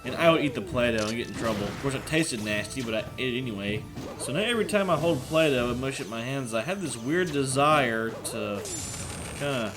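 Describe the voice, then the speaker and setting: A man's voice: medium pitch, animated, fairly quick. Chatty gamer man over game music. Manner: chatty and rambling, with bursts of yelling at the game. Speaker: let's play commentator. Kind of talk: casual gameplay commentary. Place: apartment room at home with thin walls. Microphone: desk microphone. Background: video game music.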